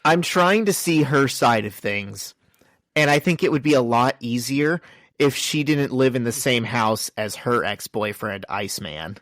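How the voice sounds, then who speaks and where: A man co-hosting a chatty podcast, running through the story and tossing off the characters' lines. His voice sits at an ordinary middle pitch. The recording is dry and close, with no room sound. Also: lively intonation, fairly bright tone, dry recording. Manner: reads out comic dialogue in quick summaries. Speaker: podcast co-host. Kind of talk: casual podcast chat recapping a comic.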